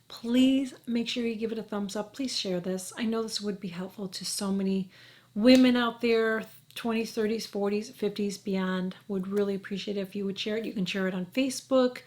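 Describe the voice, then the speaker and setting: A woman in her forties with a mid-range, darkish voice talks briskly to camera as a beauty vlogger. Her manner is chatty and reassuring, and she sometimes drops to a whisper.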